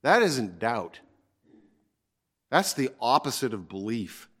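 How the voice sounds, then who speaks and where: A man preaching a sermon, earnest and emphatic, slowing down to stress key words. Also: mid-range voice, sing-song, a bit bright, breathy edge. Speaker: pastor.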